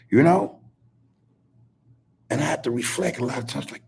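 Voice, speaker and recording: A man's voice: medium pitch, animated, moderate pace, creaky, long pauses, darkish tone, breathy edge. A middle-aged man hosting a podcast over a video call, talking in a loose, repetitive street style and saying "man" constantly. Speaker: podcast host. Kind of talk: casual heartfelt talk on a video call.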